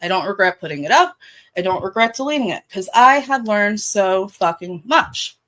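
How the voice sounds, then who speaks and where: A woman's voice: medium pitch, lively intonation, normal speed, a bit bright, rough recording. A middle-aged woman with a Baltimore accent hosting a casual livestream, blunt and profane, talking straight to her chat. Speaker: livestream host.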